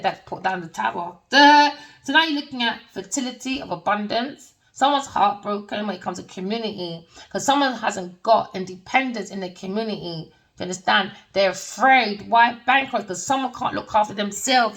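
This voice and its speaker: A woman's voice: mid-range voice, fairly bright tone, distant mic, low-quality recording. A woman giving a casual tarot reading, rambling and emphatic with plenty of slang. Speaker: tarot reader.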